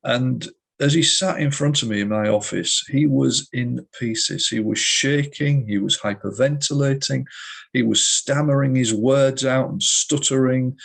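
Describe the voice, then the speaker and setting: A middle-aged man, a hypnotist guest in an interview, telling vivid stories in a measured way. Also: mid-range voice, creaky, breathy edge. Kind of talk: storytelling interview.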